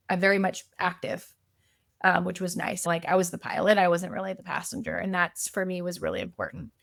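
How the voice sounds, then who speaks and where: Chatty woman with a gravelly low voice. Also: brisk, a bit bright, no echo, studio quality. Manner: chatty, frequent "like" fillers, acts out quotes. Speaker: podcast guest. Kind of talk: casual conversational storytelling.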